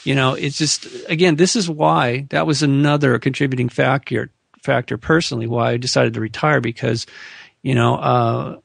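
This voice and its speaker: A man's voice: mid-range voice, fairly even intonation, moderate pace, gravelly, breathy edge, no room sound. A middle-aged man as an interview guest, talking frankly in casual conversation with many restarts.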